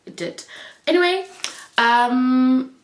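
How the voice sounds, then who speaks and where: A woman's voice: high-pitched, slow, a little hiss or hum. A woman in her thirties talking earnestly in a chat vlog, heartfelt and reflective, with fillers and restarts. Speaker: vlogger.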